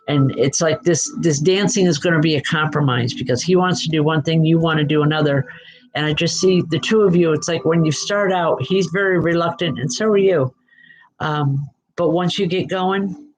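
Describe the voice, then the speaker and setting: A woman's voice: deep voice, rough recording. A woman hosting a show of live spiritual readings, reassuring viewers by name and often checking in with "okay?". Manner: frequent fillers and restarts, checks in with "okay?". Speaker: psychic medium host.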